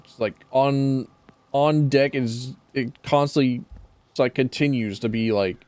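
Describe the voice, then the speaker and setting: A man's voice: mid-range voice, measured pace, a little mellow, dry recording. A man streaming a game, chatting casually with a rambling, profane manner. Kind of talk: casual gameplay commentary.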